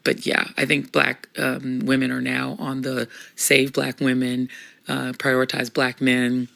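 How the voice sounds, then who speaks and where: A man giving political commentary in a halting way, with many ums, restarts and wry chuckles. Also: medium pitch, completely flat delivery, creaky, bright, forceful tone. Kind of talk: casual spoken commentary.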